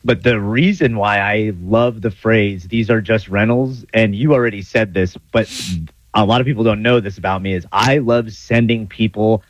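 A man's voice: lowish voice, steady tone, normal speed, no room sound, highs cut off. A man hosting a casual podcast chat, playful and reflective, sometimes slipping into a laid-back surfer-dude way of talking. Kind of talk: casual conversation.

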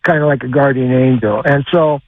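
An older man calling in to a radio show, telling a long story in a rambling, halting way with lots of uhs. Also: medium pitch, crowd noise. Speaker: caller. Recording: tinny phone line.

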